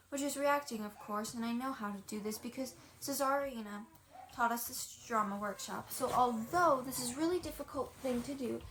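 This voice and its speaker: A woman reading a children's audiobook aloud in a chatty, lively first-person voice. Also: on the high side, slight background noise. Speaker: audiobook reader.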